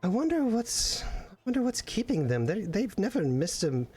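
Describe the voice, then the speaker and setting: A fussy gentleman stumbles over his words, apologizing at every turn, as a man puts him on. The voice sits a little high and keeps circling back on itself. He sounds eager to please and slightly flustered. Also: big pitch swings, moderate pace, husky, heavily acted. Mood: apologetic. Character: fussy, overly apologetic gentleman with a sad-story air.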